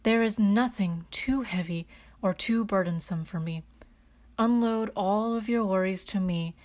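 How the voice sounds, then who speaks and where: A woman's voice: mid-range voice, unhurried, natural voice. A woman doing a comforting helper voice. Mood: reassuring. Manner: reassuring, warm-hearted. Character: kind, comforting helper with a wagon.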